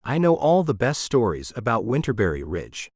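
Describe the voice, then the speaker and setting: A man's voice: mid-range voice, very animated, moderate pace, darkish tone, slightly rough, no echo, clean studio sound. A man reading an audiobook, voicing an imperious, nosy older woman who plays matchmaker. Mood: imperious, sly. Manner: imperious, sly. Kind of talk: audiobook character voice.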